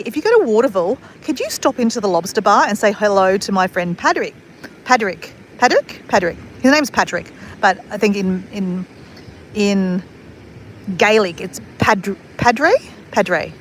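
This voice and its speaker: A woman's voice: mid-range voice, a little hiss or hum. A woman in her forties from Australia, chatting casually to camera in a rambling, laughing way. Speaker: vlogger.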